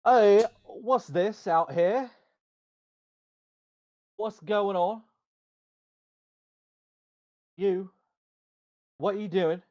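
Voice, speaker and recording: A man's voice: sits high, extremely slow, long pauses, a little mellow, pitched above the performer's own voice. Man putting on a pompous guard captain in armor, barks orders, lo-fi sound. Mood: suspicious. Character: bossy male town guard captain.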